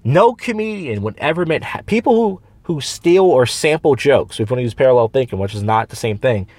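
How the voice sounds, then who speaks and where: A man hosting a casual podcast, talking at a quick clip through long, winding stories. He keeps restarting sentences and slips into quoted voices of other people. The sound is close and dry, with no room around it. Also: medium pitch, animated, darkish tone, no echo. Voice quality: rambling storyteller with many restarts and quoted voices. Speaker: podcast host, open mic comedian. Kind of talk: casual chat. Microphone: studio microphone.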